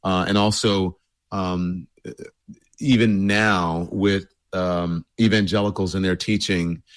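A man's voice: low-pitched, steady tone, slow pace, dry recording. A man with a scratchy throat from a cold, hosting a show and talking casually to his audience in a loose, rambling way with many fillers. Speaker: show host. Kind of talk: casual address to a livestream audience.

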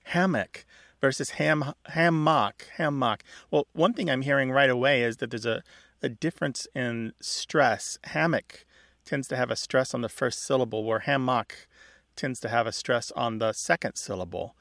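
A man's voice: mid-range voice, gravelly, a bit bright, no echo. A man co-hosting a radio show about language, explaining words with dry humor.

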